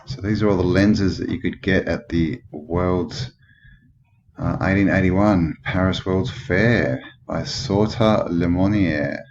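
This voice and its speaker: A deep-voiced Australian man rambles through a commentary on old photos, thinking aloud and asking skeptical questions. The recording sounds dull and lo-fi, with steady noise clearly audible behind him. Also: takes it slowly. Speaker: channel host.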